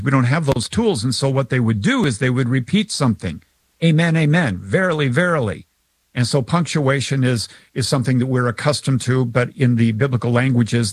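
A man's voice: medium pitch, slightly rough, no echo. A man teaching about scripture in a conversational way, acting out his examples. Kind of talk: explanatory talk.

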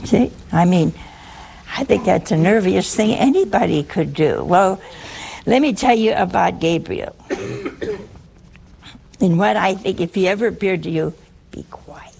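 Woman, preacher, conversational sermon, teasing humor, slow pace, gravelly voice. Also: medium pitch, expressive, darkish tone, slight background noise. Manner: teasing and humorous, asks listeners questions.

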